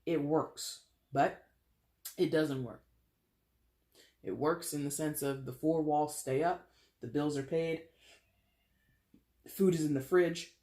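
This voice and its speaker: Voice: medium pitch, slow, long pauses, a little mellow. A tarot card reader giving a casual monthly reading straight to the viewers, talking frankly with loose swearing and lots of pop-culture asides. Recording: roomy echo.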